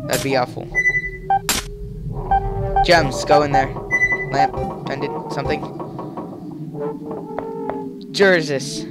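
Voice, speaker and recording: Speaking slowly with frequent pauses, this man has a mid-range voice and a steady tone. He's a let's play gamer casually joking and rambling to himself over game music.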